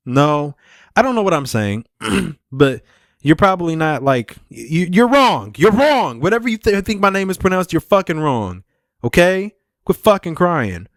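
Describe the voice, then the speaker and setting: Profane, rambling young podcast host. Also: male voice, medium pitch, no echo, clean studio sound. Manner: profane, rambling, laid-back. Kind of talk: casual solo podcast chat.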